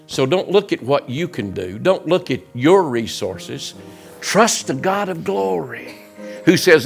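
A middle-aged man preaching in a church sanctuary, building to loud, high-pitched shouts and then dropping to soft, intimate lines. His pitch sits in an ordinary middle range. Faint music plays underneath. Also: gravelly. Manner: preaching with rising shouts and sudden drops to quiet. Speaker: guest preacher. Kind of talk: impassioned sermon.

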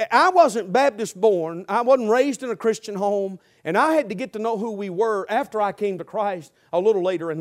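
A man preaching a sermon as pastor, emphatic, repetitive and humorous. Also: high voice.

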